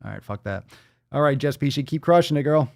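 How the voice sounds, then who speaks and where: A man's voice: on the high side, animated, fairly quick, vocal fry, darkish tone, dry recording, studio quality. A man hosting a casual livestream podcast, reading viewer posts aloud in a loose, profane manner that swings between hype and mumbling. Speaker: podcast host.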